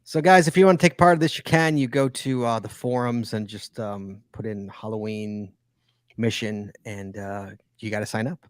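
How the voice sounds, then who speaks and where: A man's voice: fairly low pitch, normal speed, no echo, clean studio sound. A man hosting a casual podcast, teasing his co-hosts and rambling with fillers. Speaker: podcast host.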